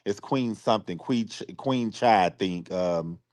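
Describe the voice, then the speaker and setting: A man apologizes to his supporters on a live stream, his voice lowish and somewhat dark in tone, with no room sound. He's close to tears and speaks haltingly, frequently repeating himself or restarting sentences.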